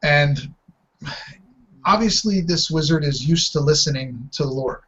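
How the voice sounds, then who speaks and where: A man narrating as dungeon master in a slow, halting way, over a muffled voice chat. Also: on the high side, a bit bright. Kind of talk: narrating a tabletop game.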